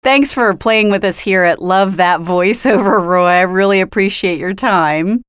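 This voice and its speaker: A woman hosting a podcast interview, bubbly and excitable, laughing often. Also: mid-range voice, unhurried, clean tone, no echo, clean studio sound. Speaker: podcast host. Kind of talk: casual interview chat.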